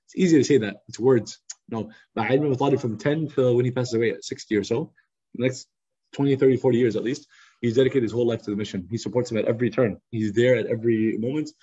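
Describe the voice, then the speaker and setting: A man teaching a youth study circle in a lively, conversational storytelling style, acting out quotes over a video call. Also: mid-range voice, fast, breathy edge. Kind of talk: casual storytelling lesson. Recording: slightly muffled lo-fi recording.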